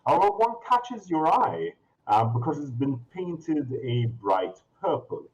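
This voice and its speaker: Lively man narrating as game master. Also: fairly high pitch, measured pace, poor audio. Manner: rambling descriptions with many ums and restarts.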